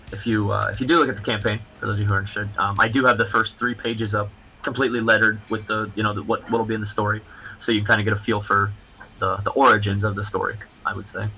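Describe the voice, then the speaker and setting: A man, a comic book creator guesting on a livestream, chatting casually in halting, rambling explanations. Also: fairly low pitch, flat delivery, pushed and bright, faint music behind, low-quality recording.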